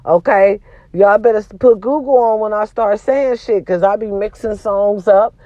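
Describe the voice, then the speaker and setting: At a normal speed and in a mid-range voice, a woman hosting a casual vlog lets off steam to her viewers, blunt and profane, despite a sore throat from a cold. Her loudness swings back and forth, and the echo-free audio has its highs cut off.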